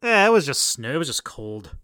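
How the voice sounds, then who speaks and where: A man's voice: mid-range voice, very animated, a little fast, bright, forceful tone, dry recording, studio quality. A man co-hosting a casual sports podcast, who laughs often and makes wry jokes. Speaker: podcast co-host.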